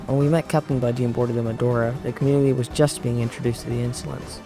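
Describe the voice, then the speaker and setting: A man giving a measured, explanatory scripted narration for an online video essay, recorded close to a mic. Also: mid-range voice. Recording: voice-over with faint background music.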